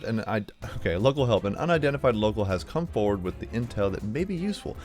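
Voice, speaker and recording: A man's voice: lowish voice, lively intonation, quick pace, few pauses, over music. A young man chatting casually and rambling through a puzzle game, joking at himself. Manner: chatty, rambling, self-mocking. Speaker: gaming video host. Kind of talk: casual let's play commentary.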